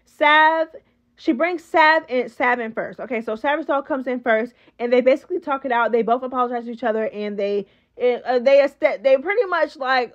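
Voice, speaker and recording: A woman's voice: sits high, normal speed, dull audio. A woman hosting a casual reality show recap, chatty and slangy, talking straight to her viewers. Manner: chatty, slangy, animated, addresses viewers as girl.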